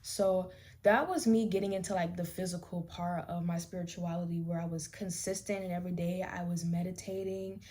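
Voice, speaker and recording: Mellow-voiced young woman chatting candidly. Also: fairly low pitch, fairly even intonation, brisk. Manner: candid, rambling, with frequent restarts; talks while doing her makeup. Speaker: vlogger. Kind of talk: casual get-ready-with-me chat.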